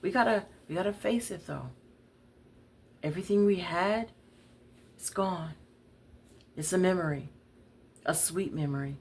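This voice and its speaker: A woman's voice: lowish voice, unhurried, pauses often, slightly rough. Woman reading as defiant woman on the run. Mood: resigned. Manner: defiant, blunt street slang. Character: hardened thirty-something woman on the run. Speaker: storyteller voicing characters. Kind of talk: dramatic story reading.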